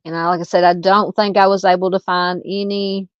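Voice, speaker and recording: Southern woman, true crime streamer, relaxed filler-heavy chat, dull lo-fi sound. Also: lowish voice, fairly quick, smooth, no room sound. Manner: relaxed and chatty, frequent ums and uhs. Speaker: true crime livestream host. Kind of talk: casual livestream chat reading viewer comments. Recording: dull lo-fi dry home mic.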